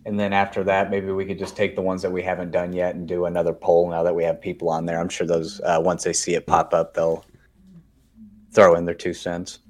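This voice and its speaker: Podcast host, male, very low voice, rambling storyteller who swears a lot. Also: monotone, fairly quick, darkish tone. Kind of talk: casual chat.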